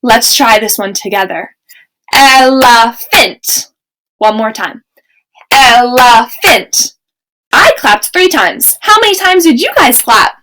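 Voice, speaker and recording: A young woman teaching a remote kindergarten lesson, speaking slowly and clearly in an encouraging teacher voice. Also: on the high side, lively intonation, bright, forceful tone, low-quality recording.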